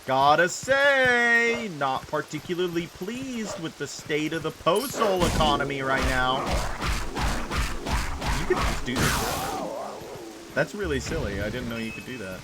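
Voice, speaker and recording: A man's voice: fairly high pitch, animated, measured pace, long pauses. A man chatting casually with viewers while playing a game, rambling and correcting himself. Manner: rambling, self-correcting, reassuring chat. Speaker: game streamer. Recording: game music playing under the voice. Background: game music.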